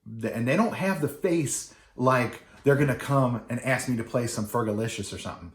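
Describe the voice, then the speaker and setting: A middle-aged wedding DJ casually tells a rambling story, full of fillers and restarts, and acts out the people he quotes. His voice is medium-pitched at a normal speed, recorded in an echoey room.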